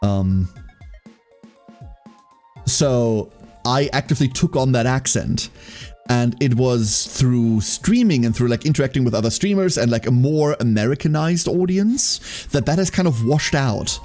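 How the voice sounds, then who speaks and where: Lively German man chatting on stream. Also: medium pitch, measured pace, faint music behind. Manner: animated, laughs often, repeats phrases, answers chat. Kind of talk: casual live-stream chat reading chat.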